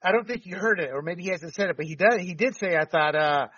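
A man's voice: high voice, quick pace, a bit bright, slightly rough, no room sound, far from the mic, highs cut off. A man hosting a casual panel talk, giving blunt opinions and mocking people with put-on voices. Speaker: show host.

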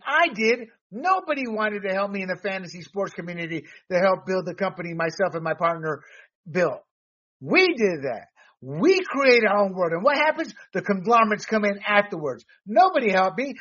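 A man hosting a political commentary podcast, talking in an animated, rambling way with restarts and laughs. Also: high voice. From Latino background. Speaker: podcast host. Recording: dull lo-fi sound.

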